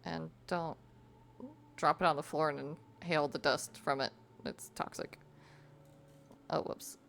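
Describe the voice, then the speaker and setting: Giggly streamer woman with a gravelly edge. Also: low voice, steady tone, measured pace, a bit bright, slight background noise. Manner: chatty, giggly, reads chat aloud. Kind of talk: casual chat with live chat while crafting.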